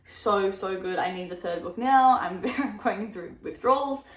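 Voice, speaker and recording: A young woman chats excitedly about books she loved, gushing and laughing as she goes. Her voice sits at a middle pitch for a woman. The room around her gives a clear echo. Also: normal speed. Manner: gushing, animated, laughs often. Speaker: book vlogger. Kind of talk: casual book review vlog. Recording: echoey room.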